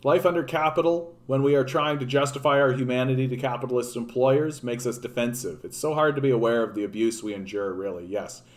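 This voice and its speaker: A man's voice: medium pitch, a little fast, hardly any pauses. A man hosting a casual political livestream, talking off the cuff, rambling with frequent restarts and swearing. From Canada. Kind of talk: casual unscripted commentary.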